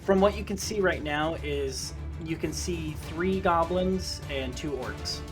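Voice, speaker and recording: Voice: medium pitch, slow, over music. A game master narrating a tabletop fantasy game in a casual, rambling way.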